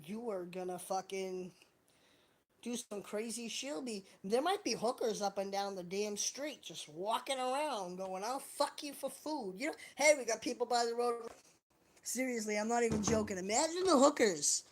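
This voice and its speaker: A woman's voice: medium pitch, normal speed, slight background noise. A woman chatting casually on a livestream, rambling, joking and swearing a lot. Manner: profane, rambling, jokey. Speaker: live streamer.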